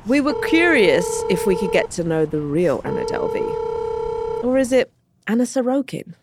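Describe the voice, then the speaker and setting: A woman's voice: medium pitch, very animated, moderate pace, very noisy. A woman podcast co-host narrating in a friendly, conversational storytelling way.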